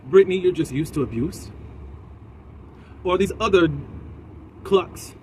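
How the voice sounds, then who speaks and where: Man ranting through a show recap, fairly high voice, chatty and opinionated, sitting in a car. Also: expressive, measured pace, a little mellow, slight background noise. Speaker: reality TV recap host. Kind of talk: casual episode recap commentary.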